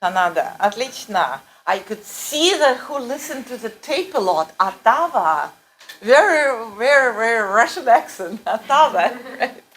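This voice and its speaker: Woman language teacher, animated and corrective, recorded from across an echoey classroom. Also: on the high side, moderate pace, a little hiss or hum. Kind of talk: classroom instruction. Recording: roomy, distant classroom recording.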